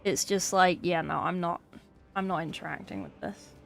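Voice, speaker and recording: A woman's voice: on the low side, fairly even intonation, normal speed, gravelly, soft background music. An English woman chatting casually on a livestream, chatty and swearing freely with exasperated asides. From England. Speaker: streamer.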